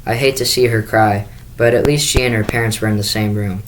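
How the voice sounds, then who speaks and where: A man's voice: fairly low pitch, fairly even intonation, brisk, a little hiss or hum, rough recording. A man reading a children's book aloud in first person, with the occasional small restart. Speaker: school staff reader.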